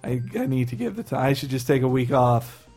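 A man's voice: medium pitch, sing-song, fairly quick, darkish tone, faint music behind. A man co-hosting a casual podcast chat, playful and teasing, laughing often. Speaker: podcast co-host.

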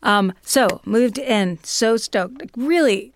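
A woman's voice: on the high side, slow, gravelly. A woman guest casually telling a personal story, chatty and full of "like" and "you know".

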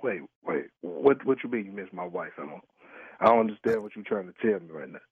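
A man's voice: lowish voice, lively intonation, a little fast, gravelly, husky, no room sound. A man taking a prank phone call, heated and swearing with incredulous laughs. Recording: tinny dry phone line.

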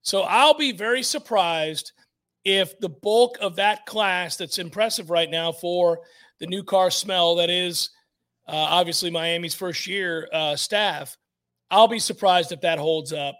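A man's voice: sits high, unhurried, a bit bright. A man hosting sports talk radio, blunt and emphatic, repeating points for effect.

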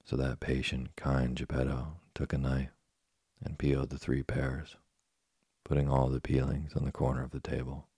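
A man reading a children's book aloud in a steady, plain way. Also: a bass voice, normal speed, slightly rough, dry recording, studio quality. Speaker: storyteller.

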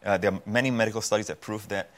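A man's voice: on the low side, fairly even intonation, racing. A man teaching from the Bible as a guest on a talk show, earnest and repeating phrases for emphasis. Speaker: guest preacher.

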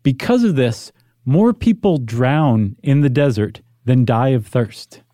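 A man co-hosting a podcast, casual and teasing with wry deadpan asides. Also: medium pitch, slow pace, dry recording, clean studio sound. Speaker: podcast co-host.

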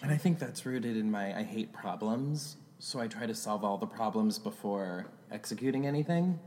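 A man's voice: fairly low pitch, expressive, moderate pace, darkish tone. A man co-hosting a casual podcast chat, making dry, wry quips. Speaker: podcast co-host.

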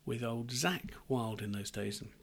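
A man's voice: medium pitch, a little slow. A middle-aged man chatting casually, telling rambling anecdotes with restarts and laughter. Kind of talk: casual chat.

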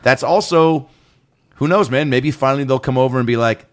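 A male comedian co-hosting a casual podcast, talking with quick, profane asides. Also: medium pitch. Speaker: podcast co-host.

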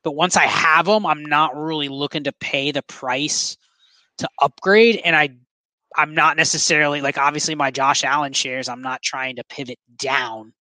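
Bright, dry-sounding male podcast co-host. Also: a little high, fairly even intonation, no room sound. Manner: measured, explains his reasoning. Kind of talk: casual fantasy football chat.

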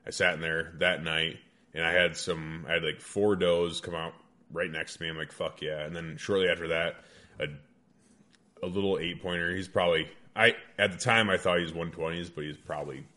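A man's voice: low voice, brisk. A man casually telling a rambling hunting story with lots of swearing. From American Midwest. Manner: animated, heavy swearing, rambling. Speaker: guest hunter.

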